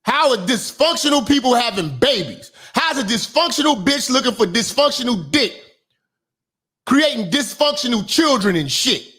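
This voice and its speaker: A man with a very high, bright, forceful voice delivers a profane commentary monologue. He preaches with emphasis and often pushes up into shouts to drive his points home. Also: sing-song, normal speed. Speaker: online commentator and minister.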